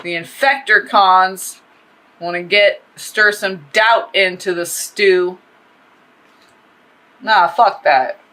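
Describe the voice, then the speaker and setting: A woman with a bright voice chats through a tarot reading. She rambles, swears freely and gets animated as she talks. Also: mid-range voice, takes it slowly, pauses often, low-quality recording. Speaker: tarot reader. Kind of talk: casual tarot reading monologue.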